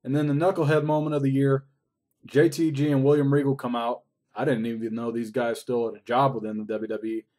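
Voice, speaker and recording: A man's voice: medium pitch, flat delivery, fairly quick, mellow. A man recapping a wrestling show in a casual, rambling way, swearing often. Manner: profane, rambling play-by-play.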